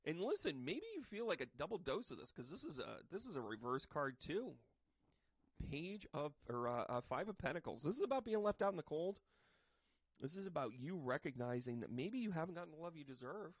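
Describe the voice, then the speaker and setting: Man, tarot reader, casual and jokey, animated delivery, dry close sound. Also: a little high, fairly quick, husky, dry recording. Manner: chatty, joking, animated, with bursts of loud emphasis. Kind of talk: casual tarot reading to camera. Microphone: microphone.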